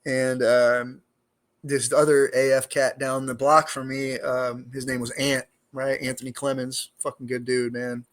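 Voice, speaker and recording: A man's voice: mid-range voice, little pitch movement, a little slow. A middle-aged man telling his own prison stories in a casual interview, streetwise and profane, rambling with lots of fillers. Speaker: guest, former prisoner.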